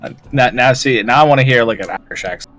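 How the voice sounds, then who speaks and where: A streamer hosts a game stream and banters casually with others in an online voice call, teasing, swearing freely and laughing often. His voice is mid-range and a bit bright, he talks fast, and faint music plays in the background.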